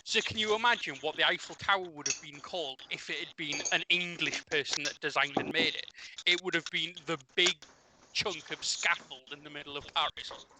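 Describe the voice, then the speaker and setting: A man's voice: fairly high pitch, a little fast, heavy background noise. A man with a Geordie accent chatting casually while playing a flight game, rambling and self-deprecating as he shares facts. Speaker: co-host on a gaming stream. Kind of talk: casual gaming chat.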